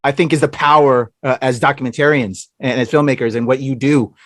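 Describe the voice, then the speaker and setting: A man hosting an interview, speaking emotionally and haltingly, with many fillers and restarts. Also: medium pitch, fairly even intonation, fairly bright tone, no echo, studio quality. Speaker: interview host. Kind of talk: conversational interview.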